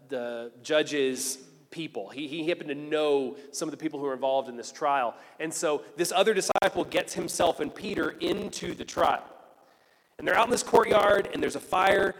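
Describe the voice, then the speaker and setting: Guy preaching like he's just telling a story, slangy, gets loud, big hall echo. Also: on the high side. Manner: casual storytelling with slang, often rising to loud. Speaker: pastor. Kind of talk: sermon. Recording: long reverb of a large hall.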